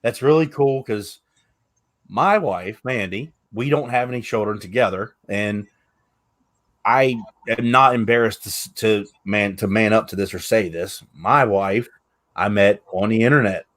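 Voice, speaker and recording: A man's voice: fairly low pitch, unhurried, fairly bright tone. A man hosting a podcast, talking candidly and earnestly in casual chat, swearing now and then. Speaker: podcast host.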